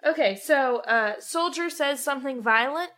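Bright, blunt young woman host. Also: sits high, expressive, moderate pace. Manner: blunt, frank, swears freely. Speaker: podcast co-host, interviewer. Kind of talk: casual podcast conversation.

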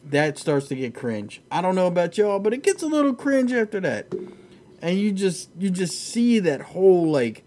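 A man with a slightly higher-than-usual voice hosts a loose podcast chat about fights. He rambles, swears freely, and laughs easily as he talks. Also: sing-song, moderate pace, a little mellow, slight background noise. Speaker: podcast host.

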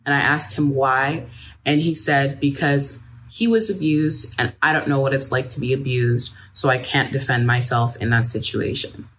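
A woman reading a first-person account aloud at a measured, steady pace. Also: a bass voice, slight background noise. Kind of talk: read first-person statement.

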